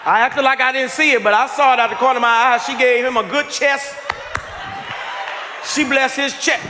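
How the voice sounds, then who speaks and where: A male pastor telling a story during a sermon, acting out the people in it with laughter and shouts. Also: extremely high pitch, moderate pace, noisy background. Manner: animated, acts out people in his story, laughing and shouting at times. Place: large church sanctuary with congregation. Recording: live church hall with faint crowd.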